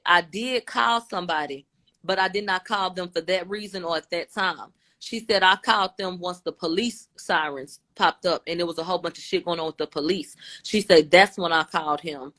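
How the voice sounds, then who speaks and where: Streaming live from her phone, a woman casually recaps court testimony, retelling events and quoting each side back and forth. Her voice is fairly low and fairly bright, at a moderate pace.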